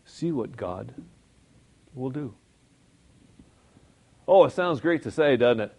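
A man preaching in a relaxed, chatty way, his voice gravelly with a husky edge. He chuckles often and pokes fun at himself as he talks. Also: medium pitch, takes it slowly. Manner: conversational, chuckles often, jokes at his own expense. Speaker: Christian speaker. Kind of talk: informal sermon.

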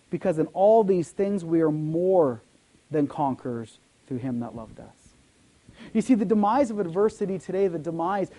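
A pastor with a high voice preaches a sermon, swinging between loud, emphatic lines and sudden soft near-whispers. He repeats himself often.

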